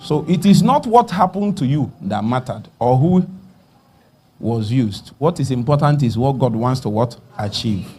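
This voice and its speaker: A man with a Nigerian accent preaching a sermon, dropping to hushed murmurs and rising to loud calls, asking the congregation to finish his sentences. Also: mid-range voice, animated, measured pace, husky. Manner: call-and-response questions to the congregation.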